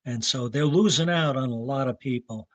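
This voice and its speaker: A man in his seventies from New York State, a veteran running coach telling rambling, anecdotal stories and clearing his throat now and then. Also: mid-range voice, a little fast, no echo. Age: 70s. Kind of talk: casual interview talk.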